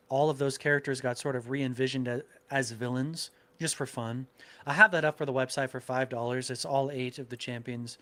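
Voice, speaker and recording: A man's voice: medium pitch, fairly bright tone. A man who makes card games, chatting enthusiastically and joking as a guest. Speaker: game designer guest. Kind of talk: casual chat.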